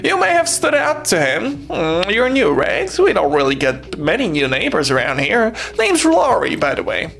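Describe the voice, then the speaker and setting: A man's voice: high voice, huge pitch swings, normal speed, creaky, few pauses, fairly bright tone, pitched above the performer's own voice, heavily acted. Laurie, a chirpy young woman neighbor, as a man puts her on. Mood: chirpy friendly.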